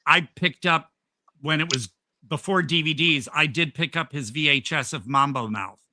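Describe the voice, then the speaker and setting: A man hosting a horror podcast interview, enthusiastic and quick to laugh in casual chat. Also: on the high side, bright, forceful tone, no echo. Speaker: podcast host.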